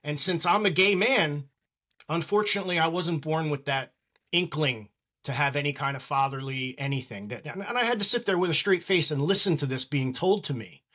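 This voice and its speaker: Bright, earnest man talking. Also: a little high, normal speed. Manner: earnest and reflective, acts out quoted voices. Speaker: guest wrestling trainer. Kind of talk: casual interview talk.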